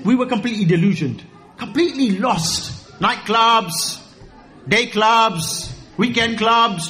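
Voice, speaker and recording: A man giving an animated sermon, joking and rising to high exclaims. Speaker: preacher.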